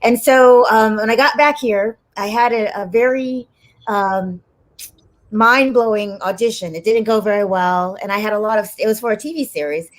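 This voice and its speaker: A woman talking as a guest on a chat show, telling a long story in a rambling, animated way and laughing often. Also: mid-range voice, normal speed. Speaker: guest actress and comedian. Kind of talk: casual chat.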